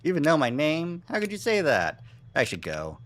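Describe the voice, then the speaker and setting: A streamer playing through a story game live, reading choices aloud with wry, deadpan asides. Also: mid-range voice, normal speed.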